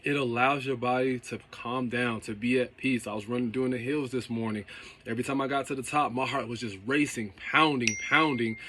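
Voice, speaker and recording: A man's voice: mid-range voice, fairly even intonation, fairly quick, pushed and bright, slight background noise. A man who runs a car detailing business, giving a casual motivational talk and often checking in with "okay?" and "right?".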